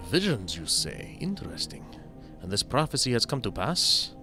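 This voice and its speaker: A man's voice: medium pitch, big pitch swings, normal speed, music in the background, natural voice. A man voicing a solemn male quest-giver in a fantasy game, reading the dialogue in an earnest, wondering way.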